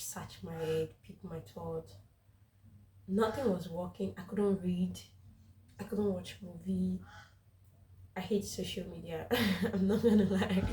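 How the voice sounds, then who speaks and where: A woman's voice: on the low side, vocal fry, dark tone, echoey room, far from the mic, a little hiss or hum, rough recording. A woman with a cold sharing her recent weeks in a candid, rambling vlog, laughing often. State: congested with a cold. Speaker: faith vlogger. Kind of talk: casual personal vlog.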